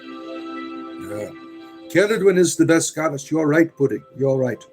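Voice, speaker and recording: A man's voice: a little high, big pitch swings, measured pace, darkish tone, faint music behind, poor audio. A man hosting a live chat, answering viewers with emphatic preaching, a put-on theatrical storyteller's accent and many "uh" fillers. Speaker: livestream host answering chat.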